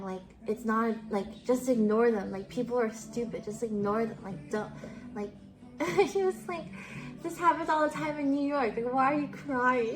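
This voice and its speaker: A woman's voice: on the high side, normal speed, soft background music. A young woman streamer in her twenties telling stories in a casual chat, giggling often and swearing casually.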